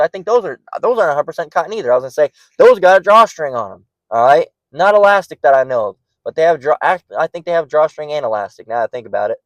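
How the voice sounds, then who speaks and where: A man's voice: fairly high pitch, no room sound, poor audio. A man giving informal, emphatic scripture teaching near a parking lot, bluntly mocking his critics and often asking "all right?". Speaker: bible teacher.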